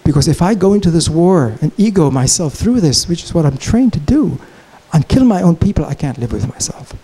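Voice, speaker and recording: A man voicing a broken male warrior in deep despair, pleading for help during a lecture story. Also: big pitch swings, fairly quick, mellow, husky, poor audio. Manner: pleading, desperate.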